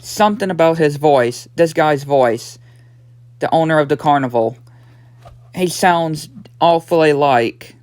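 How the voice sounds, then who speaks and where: A man's voice: a little high, measured pace, darkish tone, clean tone, no echo. A nineteen-year-old man casually recapping a cartoon episode, rambling along with lots of "yeah" and "and" fillers. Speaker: episode reviewer.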